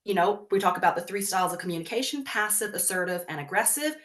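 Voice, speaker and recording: A woman's voice: mid-range voice, quick pace. Woman co-host acting out kids' voices. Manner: animated, acts out quotes of kids and parents. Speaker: podcast co-host; works with young schoolchildren. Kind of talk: casual parenting discussion.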